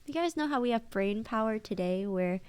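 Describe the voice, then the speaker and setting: Woman, streamer, casual chat, fairly high voice, excitable, exclaiming. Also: clean tone. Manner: excitable, exclaiming, quick laughs, sprinkles Japanese phrases.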